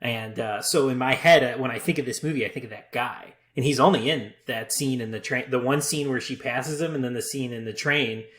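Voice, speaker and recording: A man's voice: medium pitch, brisk, few pauses, fairly bright tone. A man co-hosting a casual movie review podcast, laughing easily and swearing casually. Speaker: podcast co-host.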